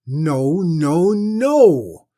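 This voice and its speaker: A man voicing a haughty, greedy noble lady and mother in a storybook reading, with a shrill, insistent manner. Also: animated, a little slow, a little mellow.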